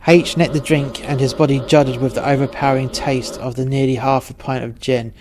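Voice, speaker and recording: A man tells a rowdy story in a deadpan, profane manner. His delivery stays flat, with little rise or fall in pitch. His pitch sits in an ordinary middle range. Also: fairly quick, noisy background. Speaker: narrator. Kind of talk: storytelling narration.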